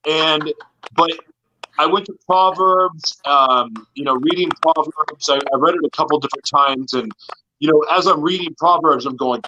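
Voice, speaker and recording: A man's voice: fairly high pitch, normal speed, bright, forceful tone, a little hiss or hum, rough recording. A man in an interview, telling his personal story in an earnest, confessional way. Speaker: guest.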